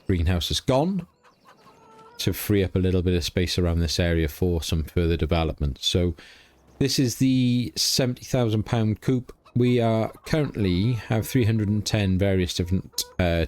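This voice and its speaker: A middle-aged man, hosting a relaxed farming game let's play, chatting easily and thinking aloud as he plays. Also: sits low. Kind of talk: casual game commentary.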